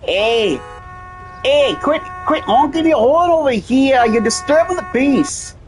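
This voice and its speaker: A man putting on a high, loud New Jersey accent as a confrontational mob tough guy during a gameplay commentary. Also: animated, slow pace, faint music behind, exaggerated voice. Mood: scolding. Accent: put-on New Jersey.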